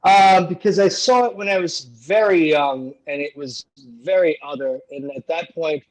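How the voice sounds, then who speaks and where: An easygoing man chats on a panel. His voice sits a little high, and he keeps his remarks brief. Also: steady tone, normal speed, poor audio. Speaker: panel guest. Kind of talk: casual chat.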